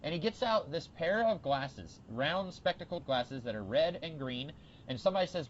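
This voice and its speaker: A man's voice: a little high, moderate pace. Guy on a podcast rambling about tv, lotta uhs, kinda muffled audio with a bit of hiss. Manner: chatty, lots of fillers, animated when excited. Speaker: podcast co-host. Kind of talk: casual TV discussion.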